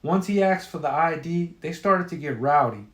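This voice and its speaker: A man telling a crude story with a profane, offhand delivery and a somewhat high voice. The sound rings with the echo of a hard room. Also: animated, normal speed, a bit bright.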